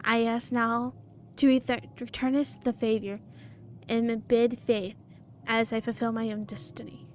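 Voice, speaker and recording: A woman reading a noble companion's archaic lines aloud from a video game, slowly and earnestly. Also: on the high side, flat delivery, a little hiss or hum, close to an everyday voice. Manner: slow, earnest dramatic reading. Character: noble companion speaking archaic formal English.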